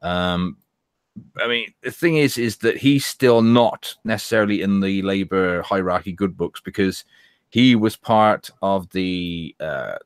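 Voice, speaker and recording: Deep-voiced English man commenting. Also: measured pace, clear, resonant tone, dry recording, studio quality. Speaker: podcast co-host. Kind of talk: casual chat.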